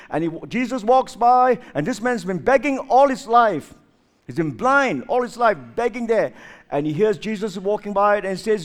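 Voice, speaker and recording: A man preaching a sermon with lots of rhetorical questions, swinging between loud outbursts and hushed asides. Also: high-pitched.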